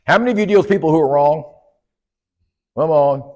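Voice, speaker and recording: A man's voice: on the high side, brisk, a little mellow. A man giving a humorous keynote speech at a conference, joking with and teasing the audience. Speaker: keynote speaker. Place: conference hall.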